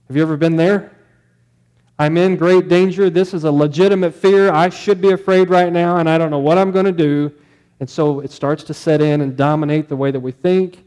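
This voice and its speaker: A man's voice: fairly high pitch, a little mellow. A male pastor giving a sermon in a conversational way, often putting questions to the congregation.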